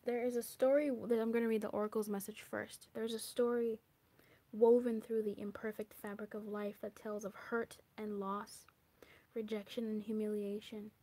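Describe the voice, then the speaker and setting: Chatty woman with a husky voice. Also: mid-range voice, moderate pace, dry recording. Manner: animated, chatty, swearing, slipping into whispers and acted asides. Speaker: tarot reader. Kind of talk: casual spoken card reading.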